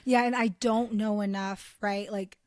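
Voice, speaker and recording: A woman's voice: medium pitch, steady tone, a little slow, no echo, clean studio sound. A woman co-hosting a faith podcast, speaking in a supportive and reflective way. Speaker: podcast co-host. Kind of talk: casual chat.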